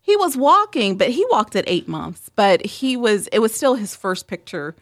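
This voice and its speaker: A woman's voice: mid-range voice, moderate pace, dry recording. Podcast host lady chatting away, voice jumping all over, dry close sound. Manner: animated, with frequent "um" and "like". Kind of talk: casual storytelling chat.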